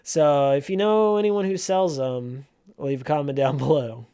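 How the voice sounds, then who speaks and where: Slow, earnest storytelling man. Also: a little high, warm tone, clear, resonant tone. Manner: slow, earnest, emotional retelling. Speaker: vlogger, former game store clerk. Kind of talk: casual storytelling.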